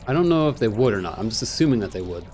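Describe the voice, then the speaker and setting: A man casually commentating his video game playthrough, excitable and jokey, rambling with panicky outbursts. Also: lowish voice, rapid-fire. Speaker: gaming channel host. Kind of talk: casual let's-play commentary.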